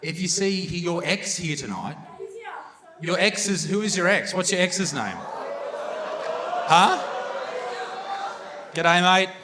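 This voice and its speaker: With a high, animated voice, this young Australian comic speaks slowly and pauses often as he bantered crudely with the crowd. He's on a theatre stage with a handheld mic, and the recording carries hall reverb and audience sounds.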